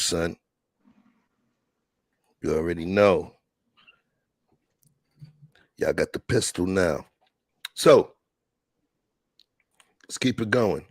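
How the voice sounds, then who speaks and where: A man from Brooklyn, hosting a laid-back streamed chat and telling stories in street slang. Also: no echo. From Brooklyn, New York. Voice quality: deep, gravelly and husky. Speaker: show host.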